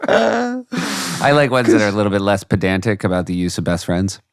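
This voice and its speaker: A man with a very low voice trading jokes on a podcast, talking close to a dry studio mic. He rambles, jumps to asides and laughs at his own bits. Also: lively intonation, no room sound. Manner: joking, rambling, quick asides. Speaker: podcast co-host. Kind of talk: casual chat.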